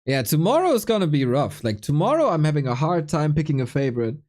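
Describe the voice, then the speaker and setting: A man casting an esports live stream in a relaxed, chatty way, joking with viewers while sounding tired and a bit unwell. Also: a little high, quick pace. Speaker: esports caster.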